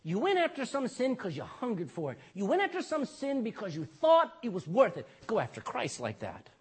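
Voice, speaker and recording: A man's voice: sits high, wildly swooping pitch, a little fast, darkish tone, breathy edge. A man preaching a sermon in an emphatic style, often tagging lines with "amen" and asking the congregation questions. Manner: emphatic, repeats "amen" and "you know". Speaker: pastor.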